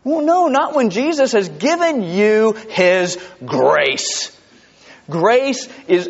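A man in a church hall preaching with a lively, swooping pitch that rises well above a typical man's. His delivery is animated and conversational, full of asides and small laughs. The sound is somewhat dull and rings with the hall's long reverb. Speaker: pastor. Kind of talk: sermon. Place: church sanctuary.

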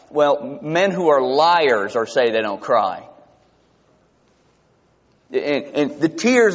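A male pastor preaching a sermon, emphatic, asking his congregation rhetorical questions and reading scripture slowly. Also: a little high, fairly bright tone. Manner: reads scripture slowly and deliberately. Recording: dull lo-fi recording with long hall reverb.

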